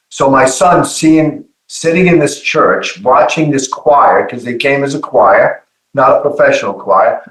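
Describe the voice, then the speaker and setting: Man, middle-aged, earnest halting testimony, repeats words, roomy echo. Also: mid-range voice. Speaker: guest giving testimony. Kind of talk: emotional personal testimony.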